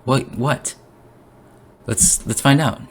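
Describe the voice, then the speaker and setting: A young man talking through his theories in an excited, rambling monologue, full of restarts, swearing and sudden rises in his voice. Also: mid-range voice, slow, a little hiss or hum. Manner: emotional, voice jumps up. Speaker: conspiracy vlogger.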